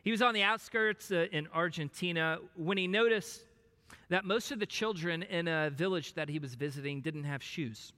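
A pastor preaching a sermon emphatically, dropping at times to a hushed voice. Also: male voice, fairly high pitch, normal speed. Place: church sanctuary. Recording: long reverb of a large hall.

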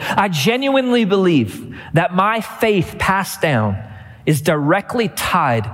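A man's voice: high voice, very animated, slow, a bit bright, long reverb tail. A middle-aged man preaching a sermon as pastor, telling a family story and building to emphatic repeated refrains.

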